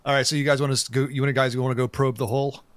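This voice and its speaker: A man's voice: mid-range voice, little pitch movement, rapid-fire. A man running a comedy tabletop game as game master, joking, swearing and laughing as he narrates. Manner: laughing, crude banter.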